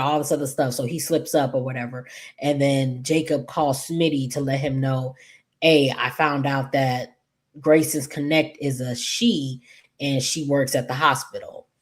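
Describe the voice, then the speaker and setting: Sassy low-voiced woman recapping soaps. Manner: chatty, animated, sassy asides to viewers. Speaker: soap opera recap host. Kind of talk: casual episode recap.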